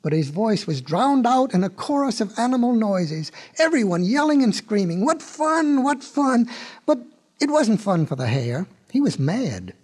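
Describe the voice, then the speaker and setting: A man's voice: high-pitched, very animated, normal speed, darkish tone. A man narrating a storybook record in a folksy way, with chatty asides to the listener.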